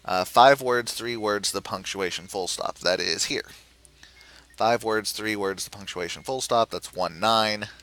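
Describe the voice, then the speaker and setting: Low bright-toned man explaining a game. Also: unhurried, rough recording. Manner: explanatory, thinking aloud with frequent "uh" and self-corrections. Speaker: game tutorial presenter. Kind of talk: screen-recorded game tutorial.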